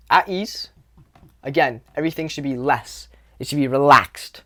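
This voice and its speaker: A man's voice: medium pitch, normal speed, sharp tone. A young man talks straight to his viewers in a loose, conversational coaching style. He repeats points, leans on fillers and swears casually as he explains. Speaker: dating coach. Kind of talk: casual coaching monologue to camera.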